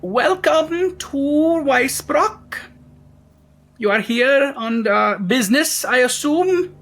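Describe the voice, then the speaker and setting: A man's voice: extremely high pitch, expressive, takes it slowly, fairly bright tone, voice pushed up, exaggerated voice. A man voicing a greedy, fussy male tax collector covered in jewelry, officious and haughty.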